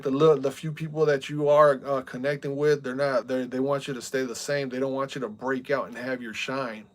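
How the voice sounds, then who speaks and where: A young man streaming and chatting casually, venting with heat and repeating "bro" and "man" a lot. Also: fairly high pitch. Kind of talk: casual chat.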